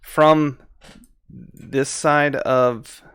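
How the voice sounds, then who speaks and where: Male game master, relaxed, chuckles a lot, slow delivery. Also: medium pitch, smooth, dry recording. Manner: laid-back, laughs often, fillers while thinking. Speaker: dungeon master. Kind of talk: narrating a tabletop game.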